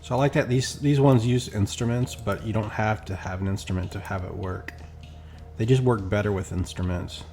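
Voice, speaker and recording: A man's voice: on the low side, normal speed, vocal fry, dark tone. A man chatting casually while playing a game, rambling and acting out quoted exchanges. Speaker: gameplay streamer. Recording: faint background music.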